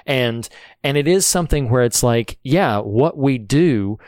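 A man's voice: medium pitch, animated, a little slow, a little mellow, no room sound. A man co-hosting a podcast, talking earnestly and thoughtfully about a film, with frequent restarts. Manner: earnest, reflective, many restarts. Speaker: podcast co-host. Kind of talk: casual film discussion.

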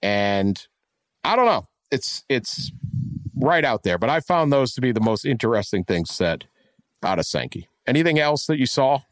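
A man from West Virginia co-hosts a casual sports talk podcast, rambling through his points and stopping often to correct himself. His voice sits at an ordinary middle pitch. The sound is dry and close, with no room around it. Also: moderate pace, no room sound. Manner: rambling, self-correcting, animated. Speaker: podcast co-host.

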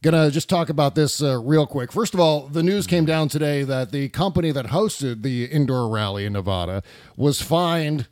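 A man's voice: on the high side, normal speed, a little mellow, dry recording, clean studio sound. A man hosting a talk show, chatting loosely with plenty of fillers. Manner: loose, filler-heavy, laughs easily. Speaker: host. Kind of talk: casual talk show chat.

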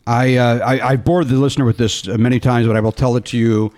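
A man hosting a podcast, telling stories in an excitable, animated way and laughing often. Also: mid-range voice, quick pace. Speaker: podcast host. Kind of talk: casual chat.

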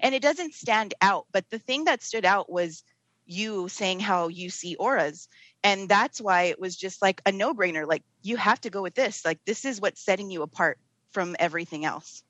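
A woman's voice: mid-range voice, moderate pace, fairly bright tone, dry recording, dull audio. A woman in her thirties, a podcast guest, talking openly and candidly in casual conversation. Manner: open, candid, lots of fillers and restarts. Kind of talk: casual interview chat.

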